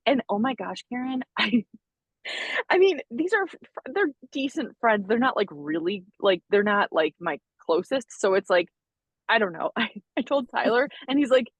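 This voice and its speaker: A woman's voice: fairly high pitch, expressive, moderate pace, breathy edge, no echo. A young adult woman co-hosting a podcast, telling stories animatedly with frequent laughs and self-deprecating asides. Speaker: podcast co-host. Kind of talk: casual chat.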